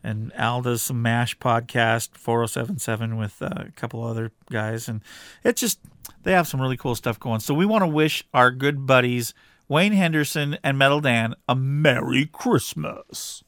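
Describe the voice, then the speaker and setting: A middle-aged man chatting on a casual podcast, easygoing and a bit rambling, often restarting his sentences. His voice sits in an ordinary middle pitch. The sound is dry and close, with no room in it. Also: normal speed, fairly bright tone, dry recording. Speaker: podcast co-host. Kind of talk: casual home podcast chat.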